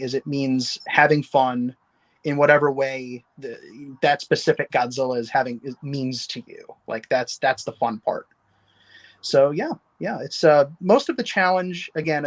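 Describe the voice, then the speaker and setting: A man chatting as a guest on a livestream, enthusiastic and rambling, often restarting his sentences. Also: medium pitch. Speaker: guest, novelist. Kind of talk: casual livestream chat.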